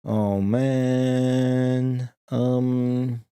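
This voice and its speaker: Speaking very slowly in a warm, resonant mid-range voice with little pitch movement, a young streamer plays a retro game. He answers his viewers' messages in casual, profane, offhand chat, and the sound is clear.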